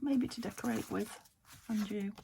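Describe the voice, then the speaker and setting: A woman's voice: medium pitch, normal speed, gravelly, noisy background. A British woman hosting a crafting channel, chatting casually and thinking aloud as she works at her home craft table.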